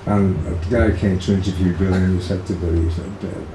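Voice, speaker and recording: Older Liverpool man, low mellow voice. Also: little pitch movement, fast. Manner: rambling, many fillers and restarts, chuckles often. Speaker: interviewee, singer's brother. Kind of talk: casual reminiscing interview. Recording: echoey room, faint background hiss.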